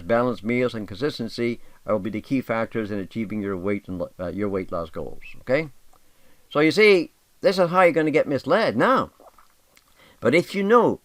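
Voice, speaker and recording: A man's voice: medium pitch, dry recording. An older man, talking casually and emphatically as host, reading aloud with asides. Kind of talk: casual monologue.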